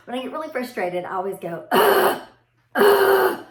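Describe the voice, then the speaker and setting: A woman, chatting casually to camera about parenting. She tells stories in an animated way, laughs often and calls her viewers y'all. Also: mid-range voice, fairly quick. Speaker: mother vlogging about parenting. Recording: echoey room.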